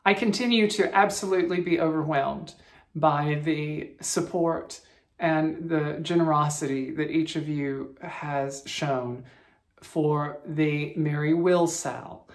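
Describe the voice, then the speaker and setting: A woman's voice: low-pitched, slow. A woman hosting a cross-stitch vlog from her bedroom, chatting in a friendly, rambling way to her viewers. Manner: friendly, chatty, with frequent restarts and soft laughs. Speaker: cross-stitch vlogger host. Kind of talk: casual chat to viewers. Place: bedroom at home.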